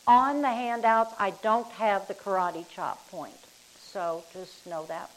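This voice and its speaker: A woman's voice: medium pitch, fairly even intonation, slow pace, poor audio. Chatty woman leading a group. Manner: chatty, rambling, laughs easily. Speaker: workshop leader. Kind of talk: casual group teaching.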